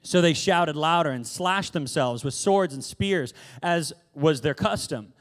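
A man's voice: fairly high pitch, unhurried. A man preaching a casual sermon, retelling a Bible story with jokes and asides. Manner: casual and joking, laughs between lines. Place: church hall.

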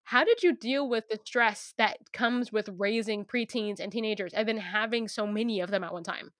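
A young woman hosting a casual podcast interview with her mother, chatty and quick to laugh, speaking straight to her listeners. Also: mid-range voice, fairly bright tone, dry recording, clean studio sound. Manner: chatty, laughs easily, talks to listeners directly. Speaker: podcast host.

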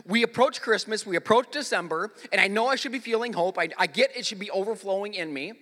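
A man's voice: high-pitched, quick pace, pushed and bright. A young male pastor preaching a sermon, telling stories energetically and leading the congregation in call-and-response, recorded in a church sanctuary. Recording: echoey church hall.

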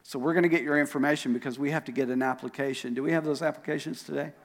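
This pastor's slightly high voice races along with fairly even intonation as he tells a sermon story. Animated, he performs the voices of the people he quotes; it's a live recording in a reverberant church auditorium hall.

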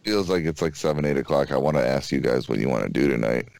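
A man's voice: extremely low pitch, fast, vocal fry, a little mellow, no echo. A young man co-hosting a casual late-night podcast chat, rambling and loose, swearing often. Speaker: podcast co-host.

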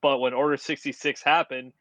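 A man's voice: medium pitch, flat delivery, brisk, bright, forceful tone, no echo. A man co-hosting a podcast in casual chat, laid-back and wry.

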